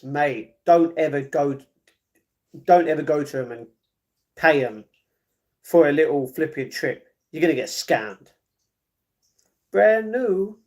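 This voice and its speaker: A man hosting a casual live stream, reading the chat, chatty and slangy, jumping between excited outbursts and muttered asides. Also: mid-range voice. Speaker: livestream host.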